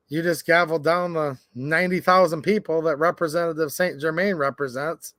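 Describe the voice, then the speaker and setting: A man's voice: on the high side, moderate pace, dry recording, studio quality. Chatty man hosting a live stream. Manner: animated, chatty, reads viewer comments aloud. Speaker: livestream host. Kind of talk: casual livestream chat.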